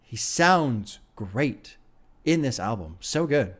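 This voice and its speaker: A man's voice: mid-range voice, expressive, takes it slowly, fairly bright tone, slightly rough. A man hosting an album reaction, enthusiastic and laughing often, swearing freely as he talks. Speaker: music reaction host. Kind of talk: casual album reaction commentary.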